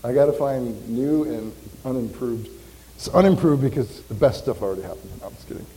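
A man preaching a sermon as pastor, animated and joking, often quizzing his congregation. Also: medium pitch, a little fast. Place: church hall. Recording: long reverb of a church hall.

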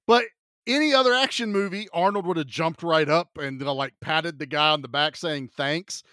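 High-voiced man retelling a movie, laughing. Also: moderate pace, clear, resonant tone, no echo, studio quality. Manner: animated, laughing storyteller who quotes scenes. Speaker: podcast co-host. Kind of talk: casual movie discussion.

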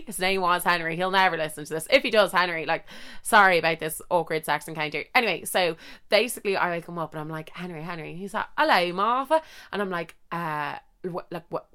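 Chatty young Irish woman, bright voice. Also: on the low side, clean tone. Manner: chatty, swears a lot, many fillers. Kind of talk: casual storytelling.

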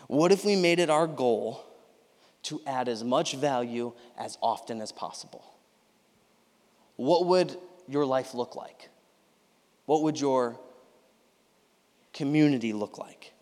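A young male pastor delivers a lively, conversational sermon and keeps checking in with his listeners. His voice sits at an ordinary middle pitch. A long reverb tail from a large sanctuary hangs after his phrases. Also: takes it slowly, pauses often. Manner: energetic, conversational, lots of "you know what I mean, right?". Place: church sanctuary.

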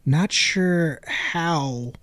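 A man's voice: a little high, drawn-out words, a bit bright, no room sound. Laid-back man recapping a movie. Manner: laid-back, narrates scenes with jokey asides. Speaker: podcast host. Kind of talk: casual movie recap podcast.

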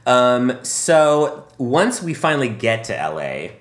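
A man's voice: medium pitch, very animated, slow pace, reverberant. A man co-hosting a casual film review chat, chatty and laughing often, with many ums. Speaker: podcast co-host.

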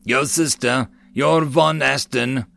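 A man's voice: mid-range voice, steady tone, creaky, fairly bright tone, pitched above the performer's own voice, heavily acted. A man doing a grave old magister. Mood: gentle. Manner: grave, measured, slow. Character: older bearded male magister, grave and weary.

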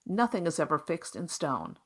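A woman's voice: low voice, wildly swooping pitch, moderate pace, fairly bright tone, breathy edge. A woman hosting a solo tarot podcast, talking in an upbeat, encouraging, conversational way. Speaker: podcast host, tarot reader.

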